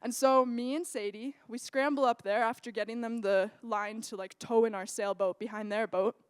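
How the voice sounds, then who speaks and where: A young woman telling a personal story in a lively, animated way that builds suspense. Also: fairly high pitch, moderate pace, clear, resonant tone, dry recording, studio quality. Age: young adult.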